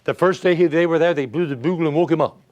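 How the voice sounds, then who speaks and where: A man's voice: fairly high pitch, quick pace, darkish tone, lo-fi sound. A man giving a folksy motivational speech, full of rhetorical questions and stories. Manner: emphatic, rhetorical questions, storytelling. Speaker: motivational speaker.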